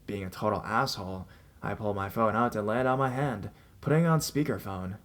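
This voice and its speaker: A man reading a first-person horror story aloud, telling it in an expressive way with small restarts. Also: fairly low pitch, fairly quick.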